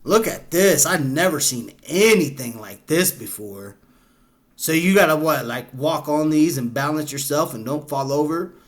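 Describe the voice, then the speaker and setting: A man's voice: a little high, lively intonation, unhurried. A man hosting a reaction video, chatting casually and laid-back, laughing often and calling people "bro". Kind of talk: casual chat reacting to clips.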